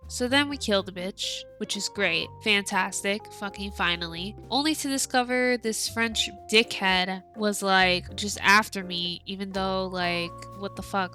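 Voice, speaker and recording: A woman's voice: mid-range voice, moderate pace, hardly any pauses, bright, forceful tone. A woman hosting a let's play, commenting on the game in a profane, dramatic, ranting way. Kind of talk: casual gameplay commentary. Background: game music.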